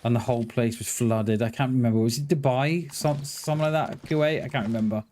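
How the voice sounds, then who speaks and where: A man streaming a survival game and talking to his chat in an excitable, rambling way. He curses freely, stutters and restarts sentences, and his voice sits in an ordinary middle register. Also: mid-range voice, fairly quick, a little hiss or hum. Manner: excitable, stutters and restarts, swears casually, chats to viewers. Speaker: livestreamer. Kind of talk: casual live-stream chat while gaming.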